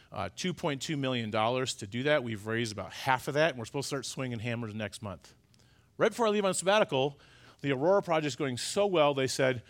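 A middle-aged male pastor preaching a sermon, emphatic, swinging between loud urgent stresses and quiet confiding asides. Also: mid-range voice. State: choked up.

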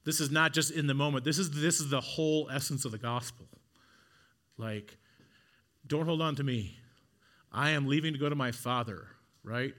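A man delivering a sermon in a bright, somewhat high voice. He tells the story with drama, falling quiet and then rising into emphatic, repeated lines. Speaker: preacher.

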